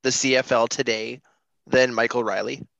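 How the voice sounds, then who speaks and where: Guy with a bright edgy voice talking football, earnest, dry sound. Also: mid-range voice, little pitch movement, normal speed, creaky, no echo, muffled recording. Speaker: sports podcast co-host. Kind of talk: casual sports talk.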